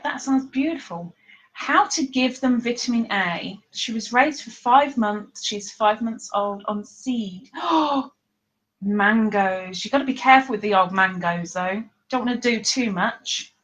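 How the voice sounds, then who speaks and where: A woman with a slightly high voice chats unhurriedly through a casual live stream, reading viewers' comments aloud as she goes. She laughs often and keeps a relaxed, easygoing flow. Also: rough recording. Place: living room at home.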